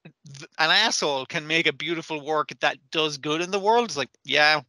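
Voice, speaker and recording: A man's voice: a little high, moderate pace, bright, forceful tone, dry recording. A man co-hosting an anime podcast, chatting casually, swearing a lot and acting out characters' lines. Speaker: podcast co-host. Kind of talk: casual chat recapping an anime.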